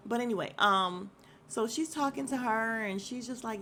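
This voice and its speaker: A woman's voice: fairly high pitch, moderate pace, bright, forceful tone, a little hiss or hum. A woman hosting a podcast, giving a casual, opinionated recap of a reality show with slang and frequent laughs. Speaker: podcast host.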